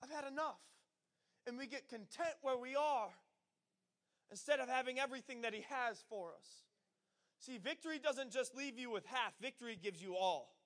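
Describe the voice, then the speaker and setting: Brief: young male preacher, high voice, lively storyteller, animated sermon delivery. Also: moderate pace. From northern US. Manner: energetic storytelling, acts out quoted voices.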